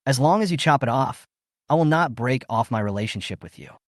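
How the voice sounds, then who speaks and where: A man's voice: mid-range voice, animated, brisk, no room sound, clean studio sound, natural voice. A man voicing a cold, contemptuous young man who sneers at his mother in a storybook recap. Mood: cold, sneering. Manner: icy and contemptuous.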